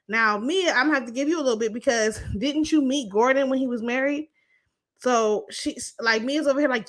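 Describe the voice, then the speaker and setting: A woman's voice: high-pitched, a little fast, a bit bright. A young woman giving a blunt, profane, sassy recap of a reality show in casual chat.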